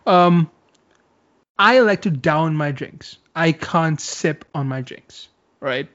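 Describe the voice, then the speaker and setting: A man's voice: fairly high pitch, takes it slowly, fairly bright tone, lo-fi sound. A man co-hosting a casual chat, explaining his view at length with lots of fillers. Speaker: podcast co-host.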